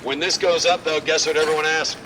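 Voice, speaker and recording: A man leading a walking tour outdoors, telling stories in a lively, joking way. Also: fairly high pitch, a little fast. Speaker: tour guide. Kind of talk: guided walking tour talk. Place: outdoors on a city street. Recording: distant outdoor mic, faint street noise.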